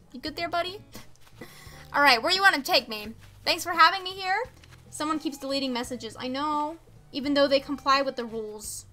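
A woman's voice: high-pitched, sharp tone. A young woman streaming a game, chatting casually with viewers, reading chat aloud and making exasperated asides. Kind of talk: casual live-stream chat while gaming.

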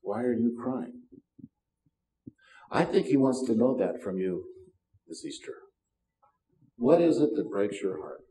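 A man's voice: medium pitch, animated, measured pace, pauses often, dark tone. An older man preaching a sermon as pastor, folksy and self-deprecating, with wry asides. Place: church sanctuary. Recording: roomy sound from a distance.

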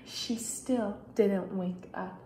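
A young woman teacher reading a children's picture book aloud, expressive, with big shouted lines for the characters. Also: medium pitch, drawn-out words. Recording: echoey room.

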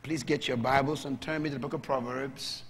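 A man preaching a sermon as a pastor, moving from calm teaching to loud, shouted preaching. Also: mid-range voice, fairly quick. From Bahamas. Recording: long hall reverb.

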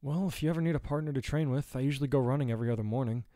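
A man voicing a kind, earnest teenage boy hero student who speaks gently and apologetically. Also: medium pitch, very fast, no echo, studio quality, pitched above the performer's own voice, lightly acted. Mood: gentle.

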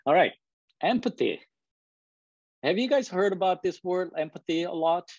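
An animated man with a high, darkish voice speaks at a moderate pace, giving a guest presentation in English, which isn't his native language. He talks conversationally, keeps asking "right?", and chuckles at himself now and again. No echo is present, though the highs are cut off.

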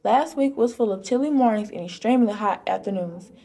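A teenage girl, a student weather anchor, reading a scripted forecast at a steady pace. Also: mid-range voice, a little fast. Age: teens.

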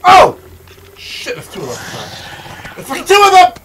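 A man recording let's-play commentary, profane and excitable, with shouting outbursts and repetitive rants. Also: extremely high pitch, normal speed, slight background noise. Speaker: gaming video host.

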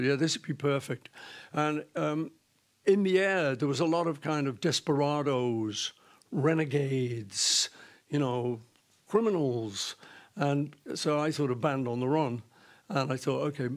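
A man, a guest in an interview, telling a story in a lively way, laughing and acting out the voices of the people in it. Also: medium pitch. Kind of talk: casual anecdote telling.

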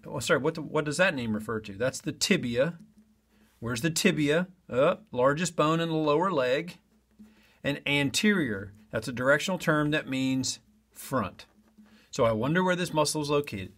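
A man's voice: mid-range voice, a bit bright, breathy edge. A man teaching an online lesson in a chatty way, talking straight to his students. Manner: chatty, talks to students directly.

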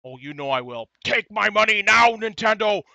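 A middle-aged man reacting with glee to a game trailer in an excited vlog, gasping and shouting. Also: high-pitched, moderate pace, vocal fry, no echo, muffled recording. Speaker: YouTube gamer reacting to a trailer.

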